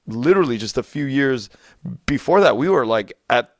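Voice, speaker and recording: A man hosting a podcast interview, asking questions in a halting way with frequent restarts. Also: medium pitch, animated, dry recording, studio quality. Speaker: podcast host.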